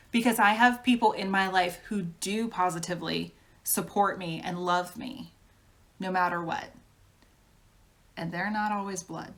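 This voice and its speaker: A woman's voice: mid-range voice, fairly bright tone. A woman giving a casual tarot reading, talking frankly in a chatty way and laughing often. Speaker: tarot reader.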